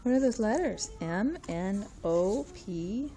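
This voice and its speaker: A woman talking slowly and sweetly to a toddler at home, coaxing her, and she sounds sniffly. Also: medium pitch, animated, dark tone, a little hiss or hum. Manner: slow, sing-song coaxing. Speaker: mother. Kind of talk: casual talk to a toddler.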